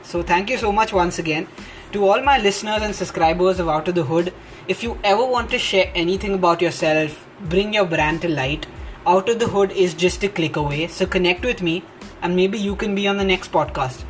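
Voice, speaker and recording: A man hosting a podcast, thanking his guest and listeners casually, with frequent pauses and fillers. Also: sits high, faint music behind. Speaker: podcast host.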